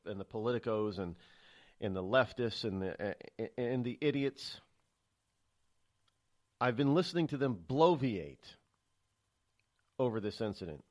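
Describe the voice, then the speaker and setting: A man hosting a live morning call-in talk radio show, rambling with fillers and restarts as his anger shows. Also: fairly low pitch. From New England, United States. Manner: chatty, then angry, with many fillers and restarts.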